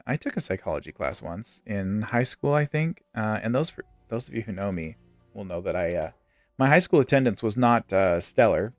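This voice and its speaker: A young gaming streamer chats, jokes and tells stories while playing a game. His voice is lowish, and there's no echo.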